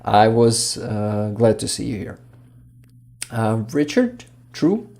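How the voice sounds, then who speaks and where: Casual: guy reading his stream chat, slow, lots of ums. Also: on the low side, big pitch swings, vocal fry, darkish tone. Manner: halting, searches for words, many fillers. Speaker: livestream host reading chat.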